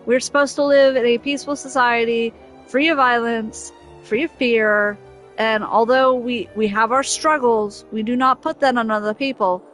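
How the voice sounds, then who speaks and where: A woman streams gameplay with faint music in the background, her slightly high, fairly bright voice steady and at a normal speed. Casually venting, she sounds exasperated and emphatic and keeps circling back to the same complaint.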